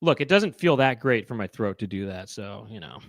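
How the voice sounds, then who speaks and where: A man's voice: sing-song, brisk, no echo, clean studio sound. A middle-aged man co-hosting a casual comedic chat, rambling and breaking into impressions. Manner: rambling, launches into loud high-pitched impressions. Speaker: co-host.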